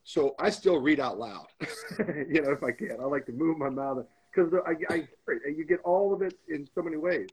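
A man's voice: fairly high pitch, normal speed, husky, rough recording. A man being interviewed as a guest, telling a candid story with emphatic, motivational repetition. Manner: emphatic, motivational, repeats phrases for stress.

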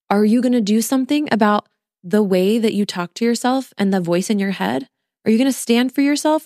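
A woman's voice: mid-range voice, a little mellow, dry recording, clean studio sound. A woman in her thirties hosting a podcast, talking earnestly and directly to her listeners as a postpartum coach. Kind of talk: casual solo podcast talk.

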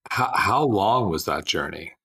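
A man hosting a podcast, asking relaxed, conversational interview questions in a gravelly, husky voice, recorded on a distant mic with faint music. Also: sits low, a little slow. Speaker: podcast host.

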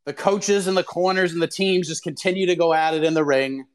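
A man's voice: a little high, brisk. A male show host giving a profane, exasperated rant about a sports event. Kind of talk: ranting commentary.

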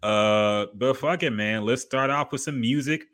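A man's voice: medium pitch, a little slow, fairly bright tone. A man co-hosting a podcast, chatting casually in a laid-back, slangy, profane way. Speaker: podcast co-host.

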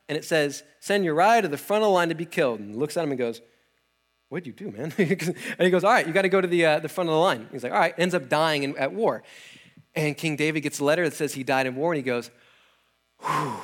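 Man, young preacher, high-pitched, animated storytelling, casual slang. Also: fast talker. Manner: animated, acts out characters with slang and laughs. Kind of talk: casual retelling sermon.

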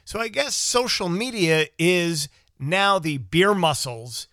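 A man's voice: high voice, expressive, slow, pushed and bright, no echo, clean studio sound. A man co-hosting a talk show, telling rambling, wry stories in casual chat. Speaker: co-host.

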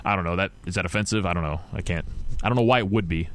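A man's voice: low voice, very fast. A man hosting a podcast, ranting casually and with frustration about his football team, rambling and restarting his sentences often. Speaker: podcast host. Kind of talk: casual sports rant.

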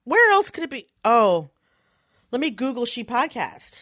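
A woman's voice: on the high side, very animated, unhurried, fairly bright tone, dry recording, studio quality. A woman co-hosting a podcast, bantering and joking in casual chat. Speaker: podcast co-host.

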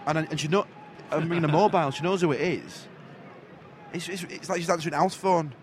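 A man's voice: on the high side, fast, a little hiss or hum. A man co-hosting a podcast, playfully telling stories and laughing in casual chat. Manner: playful, storytelling, laughs often. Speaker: podcast co-host. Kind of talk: casual banter.

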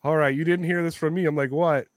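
A man with a somewhat high voice tells animated, swear-filled stories on his podcast. He laughs often and talks freely. The sound is close and dry. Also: fast, dry recording. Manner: animated, profane, laughing while telling stories. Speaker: podcast host. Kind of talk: casual storytelling chat.

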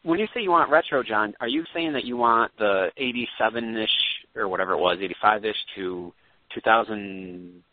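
A man's voice: on the low side, fairly quick, hardly any pauses, no room sound. A man co-hosting a casual sports talk show, sharing hedging opinions. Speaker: podcast co-host. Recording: dry, tinny phone-like sound.

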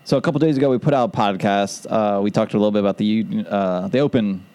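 A man's voice: lowish voice, fast, dark tone, smooth, no echo. A man co-hosting a casual podcast, rambling through his ideas and laughing at them. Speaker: podcast co-host.

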